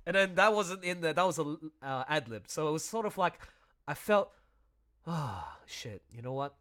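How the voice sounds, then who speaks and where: A chatty, excitable man talking casually on a livestream, his fairly high voice jumping up and down in pitch. He talks through scenes with open enthusiasm and laughs often. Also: brisk. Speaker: creator commenting on his audio drama.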